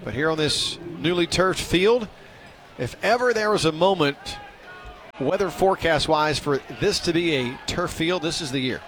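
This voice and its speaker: A man's voice: a little high, lively intonation, moderate pace, a bit bright. A man calling a baseball game play-by-play, chatty and self-deprecating, lifting his voice on big plays. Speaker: play-by-play announcer.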